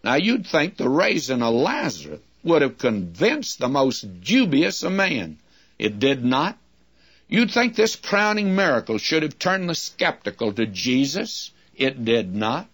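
A man's voice: a little high, big pitch swings, a little slow, few pauses, fairly bright tone, slightly rough. Man preaching an earnest sermon. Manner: earnest, emphatic preaching, addresses listeners as friends.

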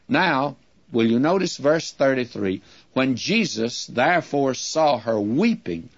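Older preacher, folksy and plainspoken. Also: male voice, medium pitch. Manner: folksy, conversational preaching with asides like "you see" and "friends". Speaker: radio Bible teacher. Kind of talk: expository radio sermon.

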